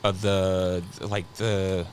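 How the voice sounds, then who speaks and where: A man in his thirties, a podcast guest, telling a long story in a rambling, halting way, restarting often and swearing casually. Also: sits low, level tone, a little mellow, slight background noise. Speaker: podcast guest, scare actor.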